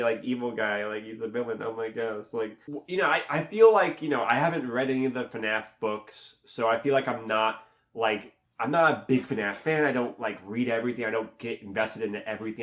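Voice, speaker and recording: This is a casual, meandering movie review from a man who uses lots of fillers and restarts. When he acts out reactions, his pitch shoots up.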